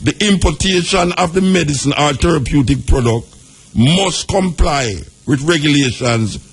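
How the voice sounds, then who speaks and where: A Jamaican man with a husky, slightly high voice works through a legal text aloud on his radio talk show. He reads each clause carefully, then drops into quick patois asides before going back to the text. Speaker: radio host. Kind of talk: reading and commenting on a law.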